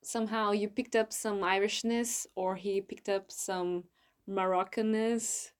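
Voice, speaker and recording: A woman conducts an interview, asking short questions in a polite, direct manner. Her voice sits in a middle pitch. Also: steady tone, measured pace, clear, resonant tone.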